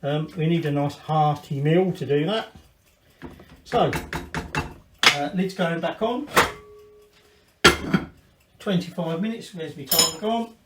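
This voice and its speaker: Here the Scottish host's voice sits on the high side, and he takes things slowly with long pauses while rambling and swearing cheerfully through a recipe. It's a casual home-kitchen cooking video in an echoey room, with heavy background noise.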